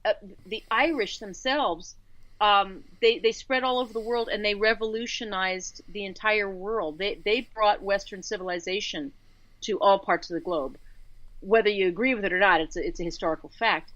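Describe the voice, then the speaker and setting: A woman's voice: mid-range voice, normal speed, fairly bright tone, dry recording. Woman, talk radio co-host, emphatic commentary, repeats words, dry dull lo-fi sound. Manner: emphatic, repeats words while building a point.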